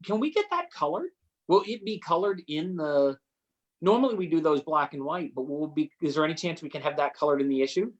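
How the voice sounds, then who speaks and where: A man chatting casually as a panel guest, jokey, with halting restarts. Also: on the high side, expressive, muffled recording. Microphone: video call.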